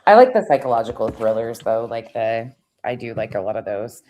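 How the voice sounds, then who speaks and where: Very deep-voiced blunt woman host. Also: animated, fairly quick, warm tone. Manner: blunt, teasing, swears freely. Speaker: livestream host. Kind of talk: casual livestream chat.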